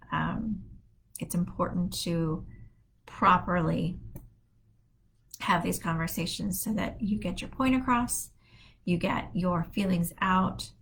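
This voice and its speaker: A woman's voice: lowish voice, creaky, low-quality recording. A middle-aged woman hosting a wellness show from her home office, talking casually and rambling with many fillers. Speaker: wellness podcast host. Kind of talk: casual solo talk.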